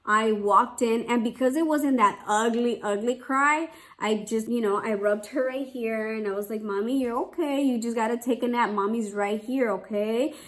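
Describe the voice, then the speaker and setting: A young woman, a mother, chatting casually to camera, with a lot of "like" and restarts. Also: on the high side. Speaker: vlogger, mother.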